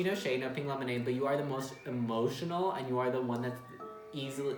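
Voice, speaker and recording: A man giving a casual tarot reading, talking bluntly and emphatically with some swearing. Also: medium pitch. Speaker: tarot reader. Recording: roomy echo with faint music.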